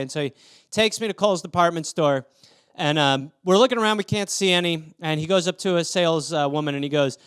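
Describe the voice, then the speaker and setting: A man's voice: on the high side, brisk, a bit bright, clear, resonant tone. A man in his thirties hosting a podcast, telling casual rambling stories with crude asides and acting out the people in them. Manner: acts out quoted people with shifting voices; swears freely, rambling asides. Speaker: podcast host. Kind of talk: casual storytelling monologue.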